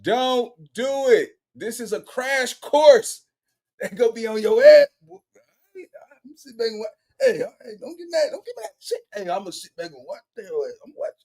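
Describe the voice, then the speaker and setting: A man hosting a reaction video, loudly teasing and exclaiming in slangy casual commentary. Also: very high voice, normal speed. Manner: excitable, teasing, loud exclamations and laughter; repeats slangy tags like "boy" and "bro".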